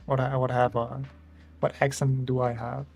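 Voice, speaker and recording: A man's voice: mid-range voice, little pitch movement, moderate pace, vocal fry, darkish tone, soft background music. A young Austrian man with an Austrian German accent, chatting casually with viewers while he draws on a stream, rambling and chuckling as he reads out chat. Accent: German-speaking Austrian. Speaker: art streamer.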